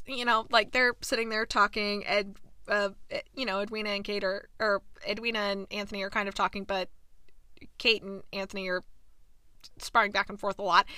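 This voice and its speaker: Animated young woman recapping a show, bright voice. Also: a little high, no room sound, studio quality. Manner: animated and exasperated, quoting characters in quick asides. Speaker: podcast host recapping a TV episode. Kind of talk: casual recap chat.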